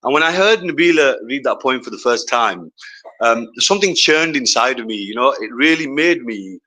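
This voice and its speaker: A man co-hosting a live community event at a venue, speaking through a stand microphone in a measured way and slipping words of another language into his English. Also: mid-range voice, expressive, sharp tone, rough recording. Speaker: co-host. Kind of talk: live speech to an audience.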